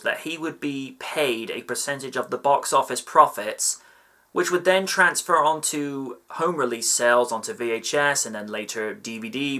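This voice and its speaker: A man narrating a scripted film review with measured, admiring commentary. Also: medium pitch, sharp tone.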